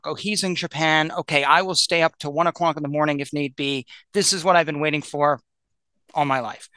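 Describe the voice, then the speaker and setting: A man telling a personal story as a guest in a roundtable discussion, animated and peppered with "like", acting out what people said. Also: fairly high pitch, clean tone, no echo. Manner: animated, acts out quoted voices, lots of "like".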